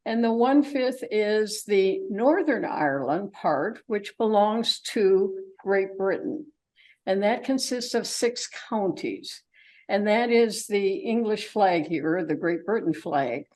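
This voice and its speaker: A woman's voice: mid-range voice, a little mellow, rough recording. Chatty older woman giving a travel talk. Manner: chatty and rambling, with many fillers and asides. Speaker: travelogue presenter. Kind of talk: informal slide presentation to a group.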